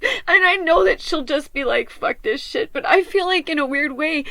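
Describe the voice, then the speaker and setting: A woman's voice: very high voice, moderate pace, gravelly, a bit bright, no room sound. Tearful, swearing woman in a dry room. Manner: emotional, profane, rambling. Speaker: podcast host. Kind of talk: raw emotional monologue.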